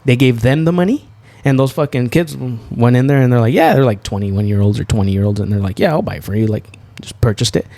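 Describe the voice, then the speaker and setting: A young man co-hosting a podcast, telling a story in a loose, profane way and jumping up high when he gets excited. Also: fast, creaky, no echo. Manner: animated, profane, swings to high laughing exclaims. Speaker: podcast co-host. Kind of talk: storytelling in casual chat.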